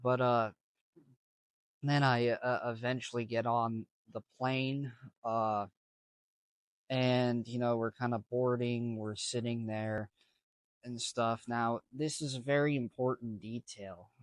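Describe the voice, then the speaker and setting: Slow, rambling male storyteller. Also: mid-range voice, steady tone, clean tone, no echo. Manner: rambling, full of slang and restarts. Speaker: vlogger. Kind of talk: casual storytime.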